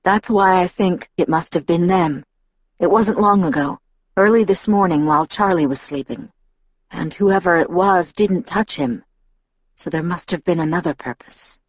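A woman reading aloud, voicing a tense young man in a low, hushed, strained tone. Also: normal speed, no echo, natural voice.

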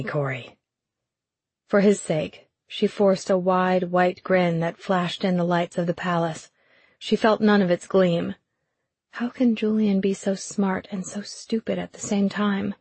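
Sex: woman. Role: audiobook narrator reading fiction in a measured, even way. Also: lowish voice, slightly rough, no room sound. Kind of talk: scripted narration.

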